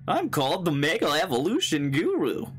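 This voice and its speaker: A man voicing a goofy male guru in a deliberately bad fake French accent, drawn out and silly. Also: high voice, wildly swooping pitch, a bit bright, faint music behind, voice pushed up, full character voice. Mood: pompous. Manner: silly, slowed, drawn-out delivery.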